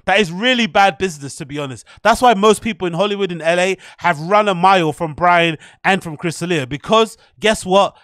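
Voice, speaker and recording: A man's voice: sits high, a little fast, few pauses, fairly bright tone, dry recording. A man ranting in a sarcastic, profane reaction commentary. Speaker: online commentator.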